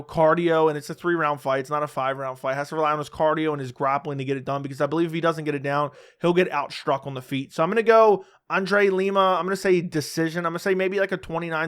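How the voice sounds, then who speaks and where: A man's voice: fairly high pitch, a bit bright, clear, resonant tone. Blunt, opinionated man breaking down fights. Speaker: MMA fight predictor. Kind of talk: casual solo fight-prediction commentary.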